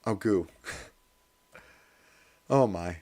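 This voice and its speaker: A man with a hoarse voice chatting casually and laughing at himself while livestreaming. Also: low-pitched, extremely slow, dark tone. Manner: chatty, self-deprecating, laughs often. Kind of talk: casual study stream chat.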